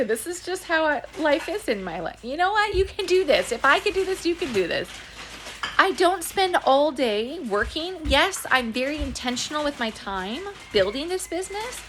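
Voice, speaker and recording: An earnest woman talks to her camera at home, chatty and full of fillers and restarts. Her pitch climbs high and lively when she gets emotional about her home business. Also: normal speed, a little hiss or hum. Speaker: network marketing distributor. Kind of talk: casual talk to camera. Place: at home with children nearby.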